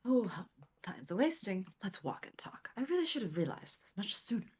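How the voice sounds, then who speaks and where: A woman voicing a brisk, cheerful male detective with an attempted British accent and a whispery, breathy delivery. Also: medium pitch, sing-song, pitched above the performer's own voice. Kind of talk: reading game dialogue aloud.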